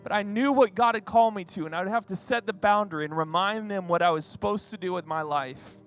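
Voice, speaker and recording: A man's voice: sits high, fast talker, smooth, faint music behind. A pastor in his forties preaching a sermon in a conversational, chatty way. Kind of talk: sermon with personal story.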